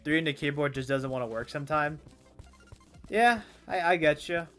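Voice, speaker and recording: A man's voice: a little high, moderate pace, fairly bright tone, soft background music. Rambling, self-mocking man streamer. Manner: rambling, stammering, self-mocking, swears freely. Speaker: gaming streamer. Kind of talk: casual gameplay commentary.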